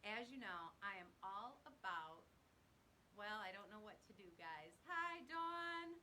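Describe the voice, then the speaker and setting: A woman's voice: medium pitch, measured pace, bright, forceful tone, slight background noise, rough recording. A woman hosting a live stream, chatting casually and greeting her viewers one by one by name in an upbeat, bubbly way.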